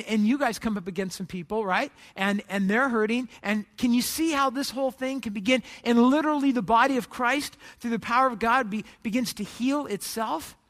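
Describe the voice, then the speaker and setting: A man's voice: very high-pitched, bright, forceful tone, big-room sound. A man preaching a sermon as pastor, earnest and conversational, acting out little scenes from church life.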